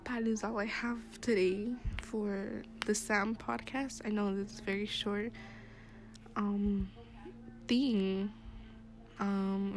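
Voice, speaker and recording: A young woman hosting her own podcast in casual, rambling chat, with plenty of fillers and laughs, recorded while she sits in a classroom. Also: medium pitch. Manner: chatty, rambling, laughs often, many fillers. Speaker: podcast host. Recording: music behind the voice.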